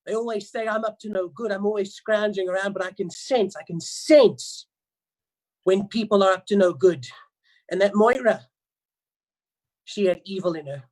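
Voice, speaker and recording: A man's voice: sits high, moderate pace, long pauses, darkish tone, lightly acted, low-quality recording. Paranoid gossipy male crow, sure everyone is up to no good, improvised by an actor. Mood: suspicious. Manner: conspiratorial, dramatic, suspicious. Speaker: improv performer. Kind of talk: improvised first-person storytelling. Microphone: video call.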